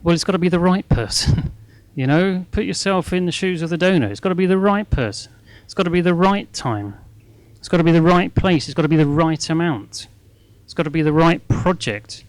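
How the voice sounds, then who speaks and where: A man's voice: on the high side, fairly quick, dry recording. A middle-aged man giving a live talk to an audience. His speech is chatty and self-mocking, and he keeps checking in with "okay?". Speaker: guest speaker at a fundraising masterclass.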